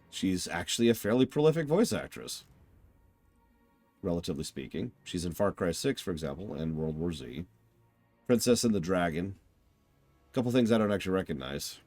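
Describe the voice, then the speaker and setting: Joking lowish-voiced game streamer. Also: male voice, darkish tone. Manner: joking, rambling, self-deprecating. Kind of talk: casual game stream commentary.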